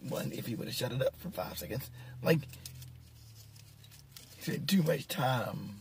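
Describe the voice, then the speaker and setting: A man's voice: mid-range voice, animated, a little slow, creaky, a little hiss or hum. A man giving a casual, rambling film review, sarcastic and mocking, chuckling at his own jokes. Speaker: movie reviewer.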